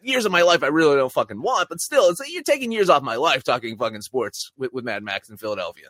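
A man's voice: mid-range voice, fast talker, no room sound. A man co-hosting a casual sports podcast, ranting and swearing heavily about sports fans. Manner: ranting, heavy swearing, animated. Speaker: podcast co-host.

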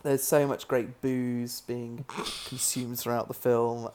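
British film guest, mid-pitched man, halting and amused. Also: level tone, a little mellow. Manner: halting, many restarts, amused. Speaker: filmmaker guest. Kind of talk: casual podcast interview.

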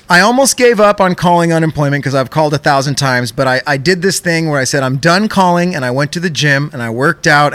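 Excitable young man with a bright voice. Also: a little high, no echo. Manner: excitable, profane, animated storyteller. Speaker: podcast host. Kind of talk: casual storytelling chat.

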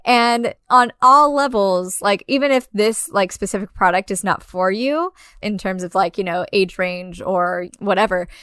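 A woman's voice: medium pitch, measured pace, few pauses, fairly bright tone, clear, resonant tone, dry recording, clean studio sound. A woman co-hosting a podcast, chatting casually about a movie, full of "like" fillers and sarcastic asides. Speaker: podcast co-host. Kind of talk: casual movie recap and discussion.

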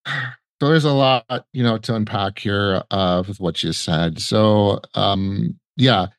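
A man's voice: on the low side, takes it slowly, no room sound. A man as a podcast guest, chatting casually and rambling with many restarts. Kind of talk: casual conversational storytelling.

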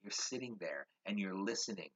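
A man's voice: fairly low pitch, expressive, normal speed, a bit bright, husky, rough recording. A man hosting his own podcast, delivering a fired-up social commentary rant that repeats phrases for emphasis. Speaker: podcast host.

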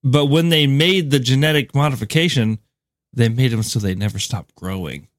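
A man's voice: medium pitch, moderate pace, no echo. Joking man, medium voice, dry mic. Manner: relaxed, joking, speculative. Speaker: podcast co-host. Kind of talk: casual chat.

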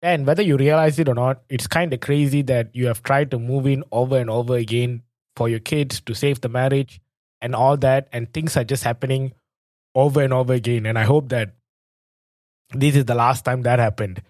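A man's voice: mid-range voice, steady tone, moderate pace, a little mellow, no echo, clean studio sound. A male podcast host reflecting on a guest's story and encouraging him to continue. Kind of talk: interview prompting.

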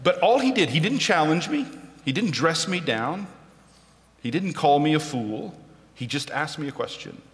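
A man's voice: on the high side, big pitch swings, normal speed, big-room sound. A man preaching a sermon, telling a personal story with self-deprecating humor.

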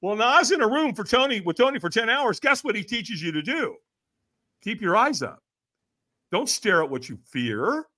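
A middle-aged man, a personal development coach, telling an animated story as a podcast guest, acting out what others said and often checking in with "right?". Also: sits high, moderate pace. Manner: lively, acts out quoted voices, frequent "right?".

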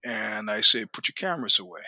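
Bright-voiced man telling fight stories. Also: fairly low pitch, a little fast, no room sound. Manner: animated, profane, laughs often, acts out quoted lines. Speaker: podcast guest. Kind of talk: storytelling in a casual interview.

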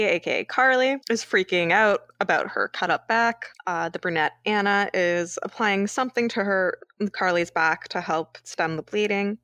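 A woman's voice: medium pitch, a bit bright, no room sound, clean studio sound. A woman from Canada co-hosting a podcast, recapping a movie in a sarcastic, casual way and laughing often. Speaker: podcast co-host.

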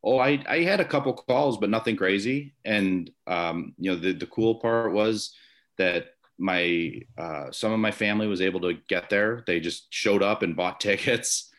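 Man, very low pitch, from Chicago area, rambling anecdotes, interview guest, home office. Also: normal speed, a bit bright. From Chicago area, USA. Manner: rambling anecdotes with frequent restarts and fillers. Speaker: guest, former baseball umpire. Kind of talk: conversational storytelling interview.

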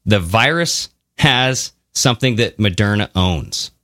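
Male podcast co-host, low and sharp-toned, animated casual delivery, dry studio sound. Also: a little slow, no echo. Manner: animated, swearing, mocking voices. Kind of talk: casual conversational podcast talk.

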